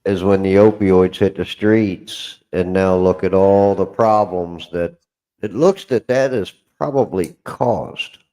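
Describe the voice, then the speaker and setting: A man from Kentucky chatting as a guest on a live stream in an easygoing, halting way. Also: low voice, dark tone. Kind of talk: casual stream chat.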